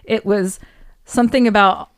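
A woman co-hosting a podcast in casual chat, telling quick stories and laughing often. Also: medium pitch, fairly even intonation, dry recording. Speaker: podcast co-host.

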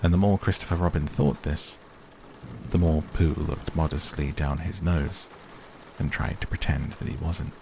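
A man reading a storybook aloud in a calm, soothing bedtime narration, with faint rain behind. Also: a bass voice, normal speed, vocal fry, a little hiss or hum. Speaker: audiobook narrator.

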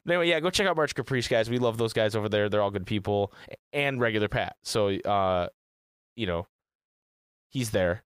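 A man's voice: on the low side, animated, a little fast, smooth, no room sound, studio quality. A man co-hosting a gaming podcast in casual chat, rambling and swearing freely. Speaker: podcast co-host.

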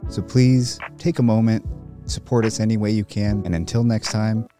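A man hosting a podcast, chatting casually with a guest and reading his show's outro in a relaxed, friendly way. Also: lowish voice, moderate pace, over music. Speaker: podcast host. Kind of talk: casual interview chat and show outro.

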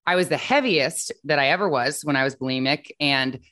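Chatty, frank low-voiced woman host. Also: a bit bright. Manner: chatty, frank, quick to agree. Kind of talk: casual interview.

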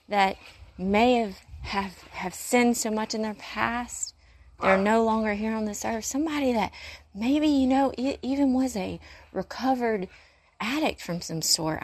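Pacing while she talks, an urgent care worker delivers a casual, faith-based monologue that is earnest, rambling, and a bit preachy. Her voice sits at medium pitch, and the recording has no room sound.

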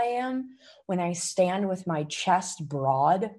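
Woman podcast host, husky lower voice, emphatic coaching monologue into a close mic, swears freely. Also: lively intonation, slow pace, darkish tone. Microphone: podcast microphone.

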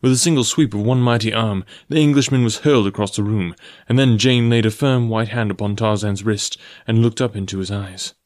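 Low-voiced male audiobook narrator. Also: steady tone, brisk, few pauses, a little mellow, no room sound, studio quality. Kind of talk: scripted narration.

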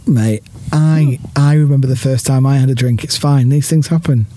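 A man's voice: medium pitch, moderate pace, dark tone. A man chatting in a parked car outside a football ground, teasing his friend and laughing often. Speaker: podcast co-host. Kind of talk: casual matchday chat.

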